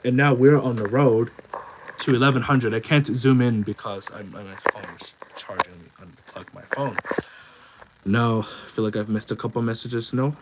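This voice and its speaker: A man's voice: medium pitch, steady tone, moderate pace, noisy background. Rambling young man chatting on stream. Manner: rambling, reads chat comments aloud, many restarts and fillers. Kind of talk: casual live-stream chat.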